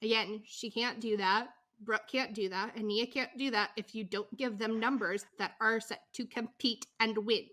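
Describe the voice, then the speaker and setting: A woman's voice: fairly high pitch, steady tone, moderate pace, few pauses, pushed and bright. A middle-aged woman co-hosting a casual podcast, telling the story animatedly with acted-out quotes. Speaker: podcast co-host.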